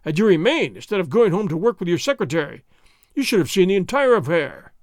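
A man's voice: sits high, very animated, fast talker, no echo, studio quality. A man voicing a big, hot-tempered army sergeant who blusters and stammers. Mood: blustering.

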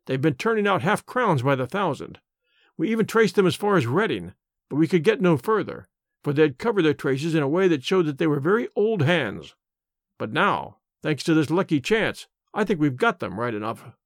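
A man reading the part of a bluff police inspector, hearty and confident and quick to exclaim. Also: on the high side, sing-song, no room sound, studio quality. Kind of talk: audiobook character reading.

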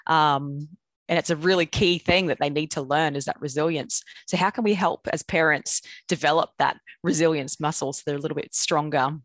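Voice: mid-range voice, steady tone, brisk, a bit bright, no echo. A podcast host asking a guest casual questions in a chatty way, with fillers. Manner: chatty, laughs, hesitant fillers.

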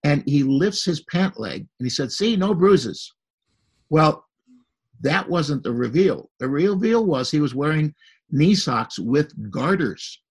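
A man's voice: on the high side, big pitch swings, unhurried, slightly rough, low-quality recording. An older man, a podcast guest, telling a long story in easy conversation and acting out the people he quotes.

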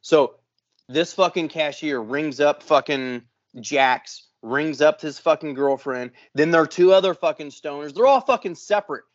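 Co-host, male, slightly high voice, swearing his way through a heated anecdote, dull dry recording. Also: moderate pace, dry recording. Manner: profane, exasperated storytelling. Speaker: podcast co-host. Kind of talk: casual storytelling. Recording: dull, muffled dry sound.

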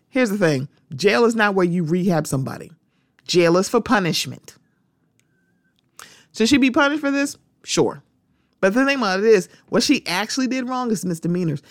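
A woman's voice: mid-range voice, no room sound. Outspoken woman podcaster, dry close sound. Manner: animated, repeats "the thing about it is", talks straight to listeners. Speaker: podcast host. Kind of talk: casual opinion monologue.

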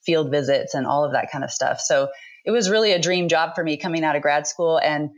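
A woman in her thirties, a book author speaking as a podcast guest, talking thoughtfully with frequent pauses. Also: sits low, muffled recording. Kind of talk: conversational interview.

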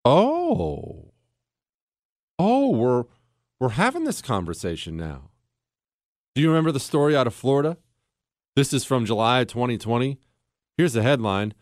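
A man's voice: mid-range voice, big pitch swings, normal speed, pauses often, no room sound, studio quality. A middle-aged man hosting a political talk show, indignant and sarcastic in his commentary. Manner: indignant and sarcastic, voices mock quotes. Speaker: podcast host.

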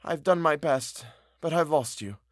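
A man's voice: on the high side, animated, unhurried, dry recording, studio quality. A man voicing a distraught young governess in an audiobook, speaking in an urgent, pleading way. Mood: resigned.

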